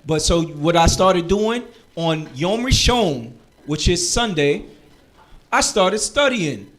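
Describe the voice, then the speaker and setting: A man leads a live class in a slightly high voice. He jokes with his students, then builds into a rousing, preacher-like push for them to study. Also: slow pace. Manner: lively, joking, preacher-like urging. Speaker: Hebrew teacher.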